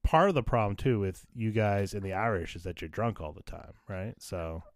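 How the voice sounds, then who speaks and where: A man's voice: on the low side, normal speed, no room sound, studio quality. An American man hosting a podcast, chatting casually in a wry, sarcastic manner and swearing freely. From United States. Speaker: podcast host. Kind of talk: casual chat.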